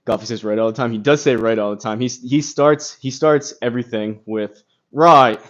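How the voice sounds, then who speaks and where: Speaking a little fast in a mid-range voice, a man rambles casually on a golf live stream, using lots of fillers and reading chat comments aloud. The recording is from a phone and sounds slightly dull with some crackle.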